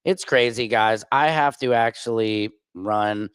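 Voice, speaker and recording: A man hosting a livestream and talking in a crude, rambling, profane way, with big swings in pitch. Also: measured pace, few pauses, a bit bright, clean tone, no room sound, clean studio sound. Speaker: streamer host. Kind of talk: casual livestream monologue.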